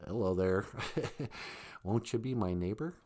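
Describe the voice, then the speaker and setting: A woman doing a very low, hushed, creepy impression of a gentle older male children's TV host. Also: heavily acted. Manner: slow, creepy sing-song gentleness.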